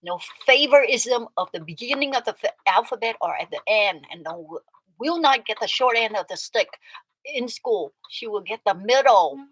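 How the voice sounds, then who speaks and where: A woman hosts a casual livestream, teasing viewers as she reacts to their comments. Her voice sits lowish but leaps around, bright and a little husky. She laughs easily and keeps a playful, chatty rhythm. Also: expressive, normal speed, dry recording, poor audio. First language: Vietnamese. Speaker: livestream host.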